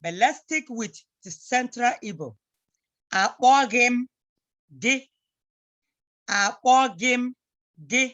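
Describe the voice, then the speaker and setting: Woman teacher, unhurried and patient, repeats each phrase slowly for beginners. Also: fairly high pitch, lively intonation, a bit bright, highs cut off. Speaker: Igbo language teacher. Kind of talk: slow beginner language lesson.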